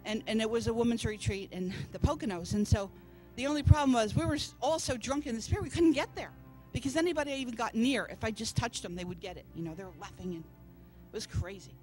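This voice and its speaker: A woman's voice: a little high, fast talker, few pauses, a little mellow, soft background music. A woman preacher telling a personal testimony in a church service, storytelling and acting out the voices of people she quotes. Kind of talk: testimony sermon.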